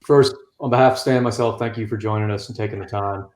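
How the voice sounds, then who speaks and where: A man co-hosting an interview podcast, asking a long question with halting restarts. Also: lowish voice, steady tone, faint music behind. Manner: halting, with many fillers and restarts. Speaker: podcast co-host. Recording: roomy echo.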